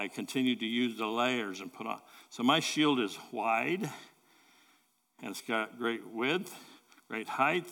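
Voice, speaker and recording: A man preaches in a bright, ringing tone, earnest and halting, circling back over his words as he makes his point. His voice trails off into the long echo of a big hall. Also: medium pitch. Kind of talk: sermon. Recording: long reverb of a large hall.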